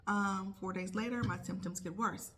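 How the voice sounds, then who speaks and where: A woman's voice: medium pitch, steady tone, normal speed, a bit bright, soft background music. A woman who is a nurse, telling a casual vlog story and acting out her own thoughts in quotes. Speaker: nurse vlogger.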